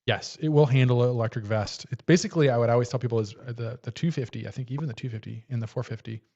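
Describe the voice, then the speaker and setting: Relaxed man chatting on a lo-fi stream. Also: mid-range voice, very fast. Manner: relaxed, hesitant, many fillers. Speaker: livestream host. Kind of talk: casual livestream chat.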